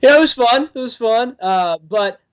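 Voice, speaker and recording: A young man, a podcast guest, telling stories in a rambling, animated way full of fillers. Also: very high voice. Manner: rambling, filler-heavy, animated with quick bursts. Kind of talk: casual storytelling chat.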